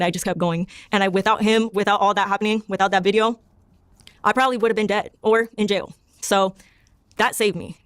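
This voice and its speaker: A young woman from Panama tells her testimony as a podcast guest. She talks fast and rambles, stacking "like" and quoting her own past thoughts. Her voice sits at an average pitch, recorded dry and close. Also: clear, resonant tone, no echo. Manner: rambling, heavy use of "like", self-quoting. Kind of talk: personal testimony storytelling.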